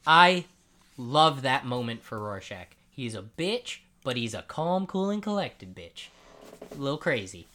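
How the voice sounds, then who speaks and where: A man hosting a casual comic book chat, recapping scenes in an animated way and acting out the characters, with frequent swearing and jokes. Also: mid-range voice, unhurried. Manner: animated storyteller who acts out scenes; profane, joking. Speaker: comic book podcast co-host.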